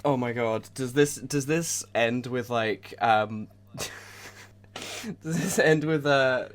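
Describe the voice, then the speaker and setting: A podcast co-host in casual comedic chat, playful and quick-witted, laughing often, on a remote call. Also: mid-range voice.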